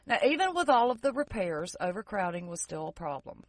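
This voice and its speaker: A woman's voice: medium pitch, very animated, brisk, no echo. A woman in an easygoing podcast chat, walking through history from her notes and breaking off for sarcastic jokes. Her voice sits mid-range, recorded dry and close with no room sound. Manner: narrates history from notes with joking, sarcastic asides. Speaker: podcast co-host.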